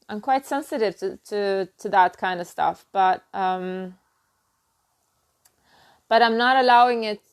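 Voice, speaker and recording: A woman giving a halting, earnest spiritual talk on her own channel, full of restarts and "you know.". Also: medium pitch, clean tone. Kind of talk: personal spiritual talk to camera.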